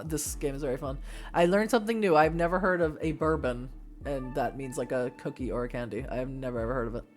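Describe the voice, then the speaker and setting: A woman reading an interactive novel aloud and breaking off for chatty asides, laughing and apologizing when she trips over names. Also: deep voice. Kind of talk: reading game text aloud with casual asides.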